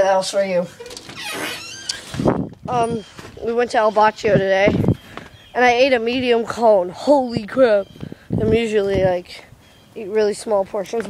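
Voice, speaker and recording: A young woman chatting casually to her camera for a vlog, giggly and given to casual swearing, filming herself indoors and then out in a windy yard. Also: a little high. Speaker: vlogger.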